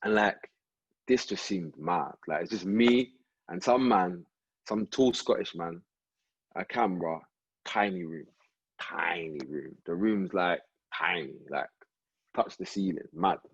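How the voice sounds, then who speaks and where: Husky low-voiced man telling stories. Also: unhurried, dry recording. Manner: relaxed slangy anecdote telling, frequent "you get me". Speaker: rapper and actor guest. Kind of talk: casual storytelling interview. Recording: slightly muffled podcast recording.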